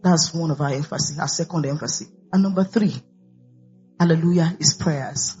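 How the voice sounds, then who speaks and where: A woman's voice: low voice, normal speed, warm tone. Lady pastor preaching, tossing in hallelujahs and glory to god, muffled lo-fi sound, faint music. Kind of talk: sermon. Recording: dull lo-fi recording with faint music.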